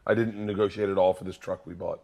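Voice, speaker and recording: A man co-hosting a podcast, telling animated stories and laughing along in casual chat. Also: sits low, quick pace, vocal fry. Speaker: podcast co-host.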